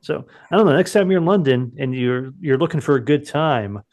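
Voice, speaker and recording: A man co-hosting a podcast, rambling in a halting, joking way and swearing freely. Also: fairly high pitch, darkish tone. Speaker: podcast co-host. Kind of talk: casual comedic chat.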